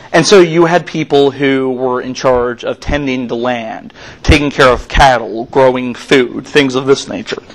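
A man's voice: medium pitch, low-quality recording. A man giving a sermon as youth minister in a church, preaching in a casual, chatty way with plenty of fillers.

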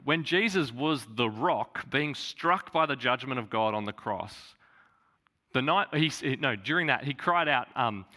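Male pastor. Bright tone, animated pitch, earnest sermon delivery. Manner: earnest preaching, repeats phrases for emphasis.

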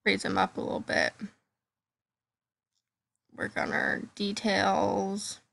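A female gaming host chatting excitedly through casual gameplay commentary. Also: mid-range voice, slow, vocal fry.

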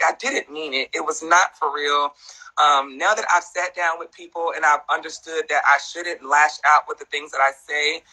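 A man's voice: fairly high pitch, gravelly, bright, forceful tone, husky, voice pushed down, exaggerated voice, rough recording. A man mimicking a fake celebrity apology. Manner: mock-sincere, halting, overly polite.

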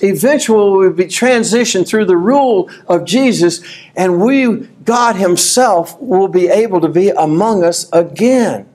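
A man preaching a sermon at a conference, folksy and animated, reading scripture aloud and rising to shouts. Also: high-pitched, measured pace, slight background noise. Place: conference hall.

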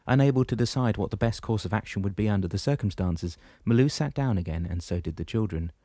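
A low-voiced man reads a novel aloud in a steady, even narration. The recording is close and completely dry. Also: quick pace, no echo. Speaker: audiobook narrator. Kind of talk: scripted narration.

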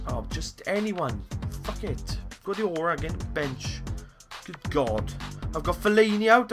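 A young man doing gameplay commentary, swearing constantly and swinging between frustrated shouts and low muttering. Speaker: gaming YouTuber.

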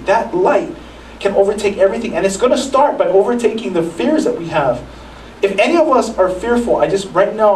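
A man's voice: on the high side, darkish tone, reverberant, far from the mic, slight background noise, rough recording. A male pastor giving a sermon in a conversational way, with frequent restarts and acted-out asides. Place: church sanctuary.

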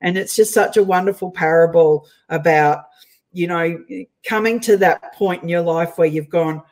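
A woman's voice: fairly low pitch, normal speed, a little mellow, low-quality recording. A woman with an Australian accent, hosting an interview in a chatty, playful way and laughing often. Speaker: host. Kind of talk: casual interview chat.

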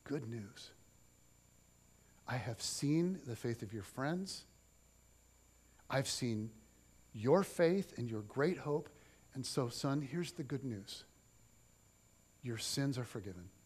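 A man voicing a calm and gentle Jesus, speaking in a hushed, slow and tender way. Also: medium pitch, slightly rough, voice pushed down.

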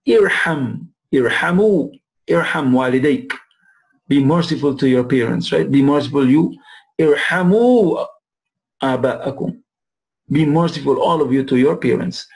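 A male teacher with a gravelly, fry-edged voice walks students through Arabic verb forms. He checks in often with "right?" and draws out each Arabic word slowly so they can repeat it. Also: fairly high pitch, low-quality recording. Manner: repeats phrases and asks "right?" to check understanding; drawls Arabic words slowly to model pronunciation. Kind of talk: classroom lesson.

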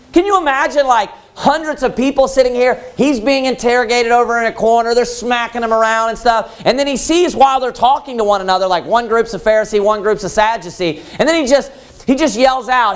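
A man's voice: extremely high pitch, brisk, clear, resonant tone. A man preaching a Baptist sermon in a church, telling the story vividly and asking the congregation rhetorical questions.

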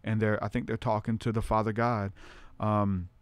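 A man with a low, smooth, resonant voice talks through his ideas earnestly and reflectively, often stopping on fillers as he finds his words. He is recorded close and dry. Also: flat delivery, normal speed, no echo. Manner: earnest, thinks aloud with many fillers. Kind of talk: reflective conversation.

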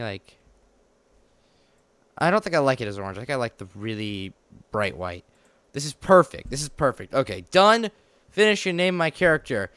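A man hosting a let's play, excitable and joking, talking back at the game's characters as he plays. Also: medium pitch, smooth, no echo. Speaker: gaming channel host.

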